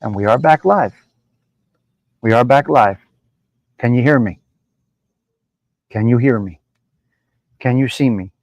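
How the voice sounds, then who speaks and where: A man's voice: medium pitch, measured pace, long pauses, a little mellow, no room sound. A man hosting a live stream from his apartment, swaggering and profane, repeating lines for emphasis. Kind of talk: brash casual live-stream chat.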